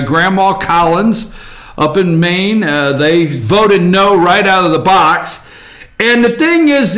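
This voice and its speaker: Slow sarcastic male talk-show host. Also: high-pitched, fairly bright tone. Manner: sarcastic, rambling with many fillers. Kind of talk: opinionated political commentary.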